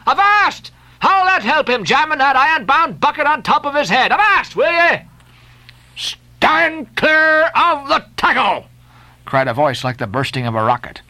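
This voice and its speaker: A man reading a classic novel aloud as a narrator, dramatic and expressive. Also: a little high, no echo. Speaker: audiobook narrator.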